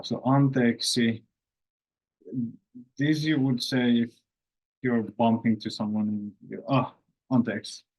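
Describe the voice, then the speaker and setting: Slow, husky man explaining a language. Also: fairly low pitch, rough recording. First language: Finnish. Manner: slow, explanatory, thinks aloud with many fillers. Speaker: language course host. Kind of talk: casual language lesson.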